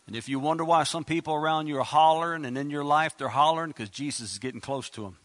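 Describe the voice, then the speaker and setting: A man preaching a sermon as pastor, emphatic, with sudden loud bursts and quick asides. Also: medium pitch, dry recording.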